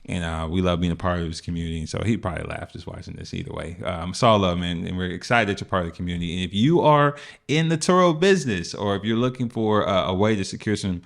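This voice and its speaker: A man's voice: sits low, expressive, fast, vocal fry. A man co-hosting a business podcast, talking in a laid-back, rambling way with plenty of fillers. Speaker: podcast co-host. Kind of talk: casual business podcast chat.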